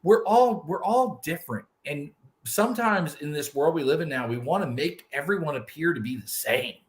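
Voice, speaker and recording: A man's voice: on the high side, animated, normal speed. A middle-aged man co-hosting a casual panel chat, talking earnestly in long rambling lists. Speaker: co-host.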